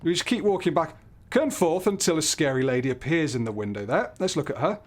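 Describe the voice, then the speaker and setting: A gaming channel host with a higher, expressive voice talks briskly through a horror game as he plays. He jokes around, gets jumpy, and swears when something startles him, in a let's play style.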